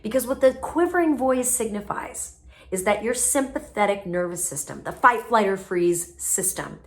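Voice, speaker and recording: Lively young woman coaching on nerves, emphatic and jokey, voice swings a lot. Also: mid-range voice, normal speed. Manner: lively, emphatic, playful asides. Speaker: speaking coach. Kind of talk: casual advice video to camera.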